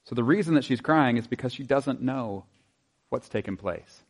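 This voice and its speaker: A man preaching a sermon in a conversational way, asking his listeners rhetorical questions and dropping into soft asides. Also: medium pitch, expressive, normal speed. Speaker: pastor.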